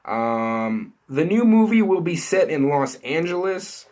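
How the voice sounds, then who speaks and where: A man chats loosely with his viewers about movie news, circling back on his sentences and leaning on fillers as he goes. His delivery is casual and unscripted, like someone thinking out loud to the camera. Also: fairly high pitch, sing-song, slow. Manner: rambling, many fillers and restarts, lots of "you know" and "like". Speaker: entertainment news vlogger.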